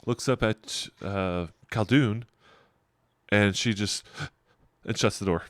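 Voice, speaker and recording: A man's voice: lowish voice, takes it slowly, a bit bright, no room sound, studio quality. A middle-aged man narrating a tabletop game as game master, describing scenes in a rambling, digressive way and chuckling often.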